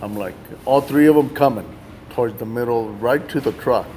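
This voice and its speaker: A man in a casual interview spins a long personal story, pitched in an ordinary middle range. He gets animated as he tells it, acting out the dialogue and laughing along the way. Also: moderate pace, slight background noise, rough recording. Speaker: guest telling his ministry story.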